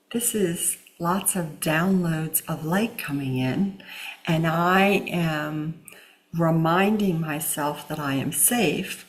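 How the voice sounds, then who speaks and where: A woman leading a spiritual healing lesson, speaking in an unhurried way with many pauses and fillers and sometimes dropping to a soft whisper. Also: medium pitch. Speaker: healing teacher. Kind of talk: spiritual teaching talk.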